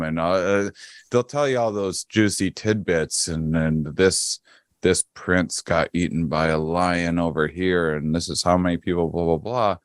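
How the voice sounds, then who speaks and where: Calm, slow-spoken man with a very low voice. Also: clear, resonant tone, no echo, studio quality. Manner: slow, calm, grounding cadence; hesitant restarts, repeated words. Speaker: podcast guest. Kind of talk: casual chat.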